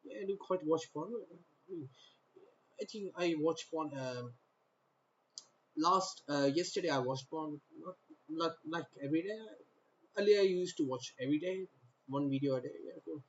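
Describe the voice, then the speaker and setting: A man's voice: on the high side, normal speed, pauses often, slight background noise. Rambling man from North India, lo-fi. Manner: rambling, with repeated phrases and stop-start sentences. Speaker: vlogger. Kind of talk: rambling to-camera monologue.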